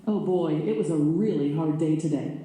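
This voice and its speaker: A woman's voice: sits low, normal speed, mellow, lightly acted. A woman playing an easygoing roommate who answers complaints with surprise and defensiveness, in a scripted listening exercise played over classroom speakers. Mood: defensive. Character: young woman named Sasha, easygoing roommate. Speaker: actor in a textbook listening dialogue. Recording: very echoey room, played from far off.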